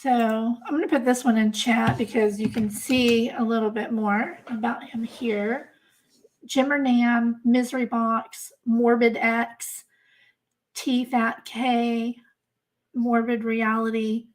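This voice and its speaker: A woman's voice: a little high, level tone, slow pace. A woman hosting a crime channel livestream. She talks casually to her chat, in an emphatic, exasperated way, and she repeats herself for effect. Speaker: host of a crime-case channel.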